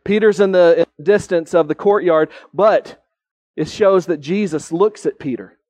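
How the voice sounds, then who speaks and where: High-voiced preacher man, dry sound. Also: darkish tone, no echo. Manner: earnest preaching, rising on key points and slowing for emphasis. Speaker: pastor. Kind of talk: sermon.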